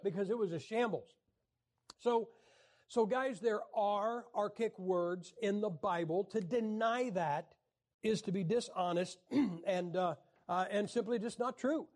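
A man teaching a class on the Bible in a wry, joking lecture style, often clearing his throat. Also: high voice, measured pace, a little mellow.

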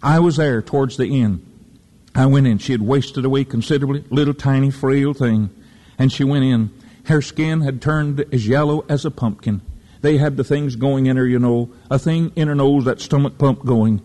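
A man's voice: mid-range voice, moderate pace, dark tone. A man preaching a sermon, telling folksy stories with fervor. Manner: fervent, folksy storytelling preacher. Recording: echoey hall reverb.

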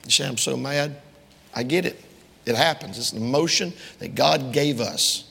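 A man delivers a sermon with a gravelly, creaky edge to his mid-pitched voice. He stresses King James verses and speaks straight to the congregation. His words ring out with the long echo of a church hall. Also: lively intonation, moderate pace, a bit bright. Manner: emphatic, quotes King James scripture; addresses the congregation directly. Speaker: preacher.

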